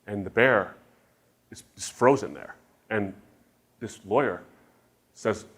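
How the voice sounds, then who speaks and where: A middle-aged man giving a sermon-style lecture with anecdotes, emphatic and shifting from loud stresses to quiet asides. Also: fairly low pitch, takes it slowly, pauses often, breathy edge. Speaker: Christian speaker.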